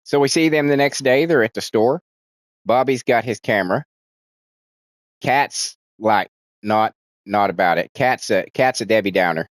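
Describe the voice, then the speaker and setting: A man with a lowish voice casually recaps a movie's plot as a reviewer, speaking at a normal speed with long pauses. He rambles, swears, restarts sentences, and acts out characters' lines in livelier voices. There's no room sound.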